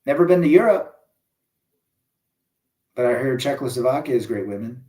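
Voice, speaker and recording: A man's voice: medium pitch, expressive, normal speed, mellow. A man hosting a casual live stream, reading viewer comments aloud and answering with blunt opinions. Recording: echoey room.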